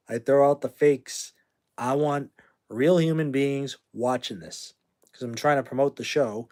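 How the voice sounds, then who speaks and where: With a mid-range, slightly mellow voice, this American livestream host in his fifties rambles brashly and talks trash while responding to viewers' comments.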